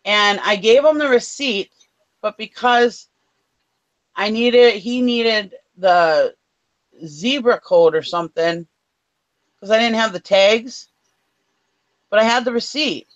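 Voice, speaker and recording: A woman's voice: on the high side, slow, long pauses, dull audio. Fired-up woman telling a complaint story. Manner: fired-up storytelling, swears freely. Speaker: co-host. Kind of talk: casual chat.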